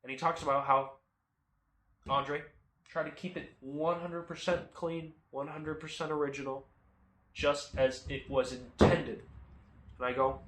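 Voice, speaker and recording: A young man telling a comic car story in an animated, self-mocking way, recorded in a home garage. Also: fairly high pitch, measured pace, pauses often, echoey room, a little hiss or hum. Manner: animated, jumps into loud silly voices, self-mocking. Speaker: car vlogger.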